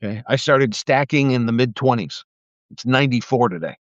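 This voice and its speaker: During a livestream, an older man vents angrily about politics in an expressive, medium-pitched voice at a fairly quick pace. He swears and mocks, stammering and restarting as he gets heated. The recording is dry, dull, lo-fi livestream audio.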